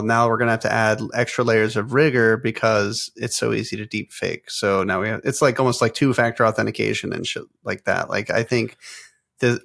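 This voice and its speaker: A man's voice: on the low side, creaky, fairly bright tone, no room sound, studio quality. A man co-hosting a tech podcast, talking in a rambling, casual way with many restarts and fillers. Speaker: podcast co-host. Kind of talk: casual chat.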